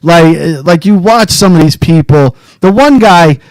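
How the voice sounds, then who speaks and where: A man with a high, lively voice co-hosts a casual chat show. He swears freely and slips into mocking quotes of other people. The sound is dry and close. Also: a little slow, no room sound, low-quality recording. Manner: profane, animated storytelling with mock quotes. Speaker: podcast co-host.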